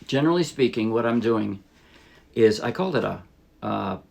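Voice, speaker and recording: A man teaching a ukulele song in a relaxed, casual way, thinking aloud and correcting himself as he plays. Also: on the low side, moderate pace, vocal fry. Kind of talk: casual instructional talk. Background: ukulele playing.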